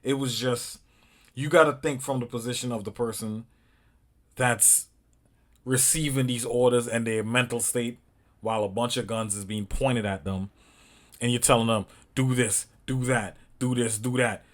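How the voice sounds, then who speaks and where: A man's voice: mid-range voice, steady tone, normal speed, long pauses. An angry man reacting to a video, swearing and emphatic, with an African American English accent and rising outbursts. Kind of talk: heated casual reaction commentary.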